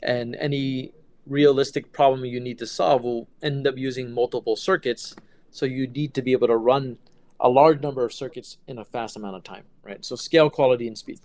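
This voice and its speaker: Man, middle-aged, smooth resonant voice, dry recording; casual halting answers full of fillers. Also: mid-range voice, steady tone, darkish tone, dry recording. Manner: hesitant, many fillers and restarts. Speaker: quantum computing engineer.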